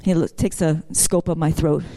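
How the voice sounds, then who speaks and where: A woman's voice: low-pitched, fairly even intonation, normal speed, dark tone. A middle-aged woman sharing a personal testimony in church, telling her story in a chatty way that rises into fervent praise. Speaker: worship leader sharing a testimony.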